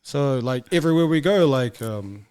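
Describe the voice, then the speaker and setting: A man's voice: mid-range voice, moderate pace, clear, resonant tone. A man talks bluntly and swears freely as an interview guest. He tells stories in a casual way and keeps slipping into other people's voices. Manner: blunt and profane, animated with quoted voices. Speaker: guest, former rugby player.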